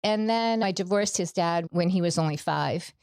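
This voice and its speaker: A middle-aged woman gives a personal testimony as a podcast guest, earnest and story-driven. Her voice sits a little low. The sound is dry and close. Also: moderate pace, a little mellow, smooth, dry recording. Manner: earnest storytelling, acts out quoted dialogue.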